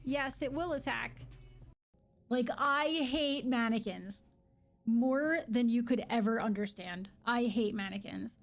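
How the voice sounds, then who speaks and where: High-voiced woman streaming games. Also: takes it slowly, soft background music. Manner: excitable, swearing, laughing often. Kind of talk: live game-stream commentary.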